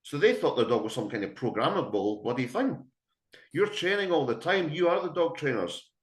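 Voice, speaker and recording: A man's voice: fairly high pitch, lively intonation, moderate pace. A middle-aged man, a dog trainer giving a blunt, emphatic webinar talk full of anecdotes to dog owners. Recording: echoey room.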